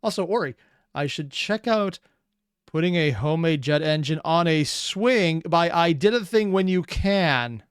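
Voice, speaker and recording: Excitable man riffing in reactions. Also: a little high, measured pace, clean tone, no room sound, clean studio sound. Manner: rambling, excitable asides. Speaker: reaction channel host. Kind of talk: casual reaction commentary.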